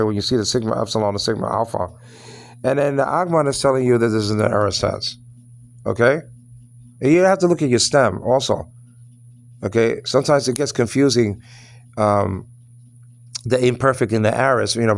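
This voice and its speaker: A man teaching Greek grammar in a casual, halting way, often checking that his listener understands. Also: mid-range voice, creaky. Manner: repeats "you understand what I'm saying?"; halting, many fillers and restarts. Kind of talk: informal lesson.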